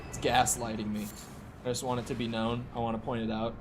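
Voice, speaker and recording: A man's voice: mid-range voice, little pitch movement, fast talker, noisy background. A man streaming a video game, chatting casually, swearing freely and talking back to the screen as he plays. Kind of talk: casual live-stream gameplay commentary.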